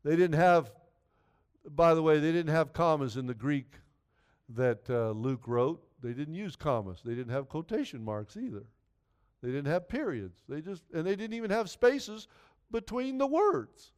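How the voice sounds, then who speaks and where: A man's voice: on the high side, very animated, unhurried, a little mellow, clear, resonant tone. A man preaching a sermon in an earnest, conversational way, often repeating himself. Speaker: pastor.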